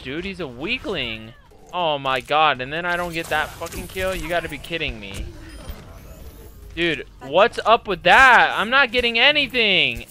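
A young man raging and swearing through live gameplay commentary, yelling at opponents. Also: on the high side. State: angry and agitated. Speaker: gaming streamer.

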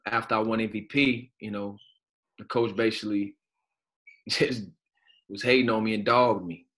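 A man's voice: fairly low pitch, normal speed. A man in his thirties from Chicago, a guest telling stories in a casual, slangy, profane way over a video call. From Chicago, United States. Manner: animated storyteller, slangy and profane. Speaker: guest, professional basketball player.

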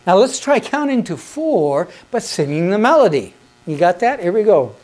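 A man's voice: high voice, big pitch swings, moderate pace, darkish tone, slight background noise. A man teaching hymn conducting in an instructional video, patient and encouraging, counting beats aloud and asking questions that he answers himself.

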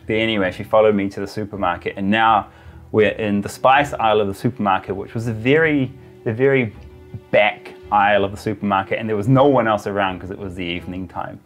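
A man's voice: fairly low pitch, a little fast, soft background music. A man telling a travel story in a casual, chatty way, full of filler words. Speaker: travel vlogger.

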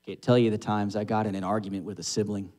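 A man's voice: on the low side, flat delivery, quick pace, darkish tone. Conversational male preacher. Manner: conversational, asks the congregation rhetorical questions. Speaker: pastor. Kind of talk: sermon. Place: church sanctuary.

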